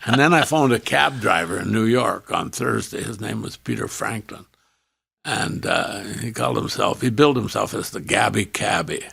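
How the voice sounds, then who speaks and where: An older man, a former radio host telling career stories as a podcast guest, animated and acting out the people he quotes. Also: lowish voice, moderate pace, creaky, breathy edge, no room sound. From Canada. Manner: animated storyteller who acts out quoted dialogue. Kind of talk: storytelling in a podcast interview.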